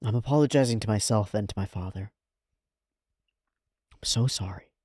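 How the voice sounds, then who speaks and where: Low-voiced man casually reacting to anime. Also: moderate pace, husky, no room sound, clean studio sound. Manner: animated, swearing, swings between loud and hushed. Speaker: reaction video host.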